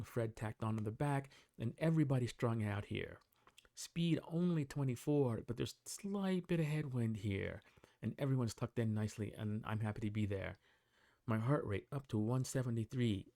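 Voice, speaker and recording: A man casually narrating a voice-over of his group bike ride, talking through the action in a relaxed, conversational way. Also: medium pitch, no room sound, studio quality. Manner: relaxed, conversational play-by-play with small restarts. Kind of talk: casual recorded voice-over commentary. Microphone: desktop voice-over mic.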